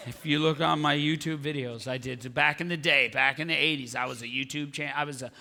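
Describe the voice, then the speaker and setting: On a large theater stage, a man performs stand-up comedy, talking animatedly and slipping into high, squealing impressions while the audience laughs in the background. He talks a little fast, with some vocal fry.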